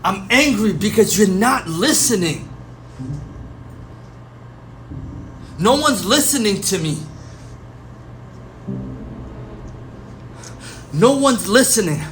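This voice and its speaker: A man's voice: on the high side, expressive, unhurried, fairly bright tone. A man playing a worried father accused of murder in an amateur audio drama, defensive and stammering, repeating himself. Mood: agitated. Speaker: suspect under interrogation. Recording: noisy amateur recording with ambience.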